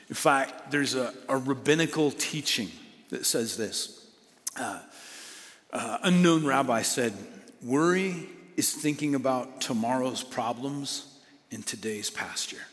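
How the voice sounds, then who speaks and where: A man preaching a sermon, animated with playful asides, then dropping to hushed emphasis. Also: mid-range voice, a little slow. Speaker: pastor. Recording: long hall reverb.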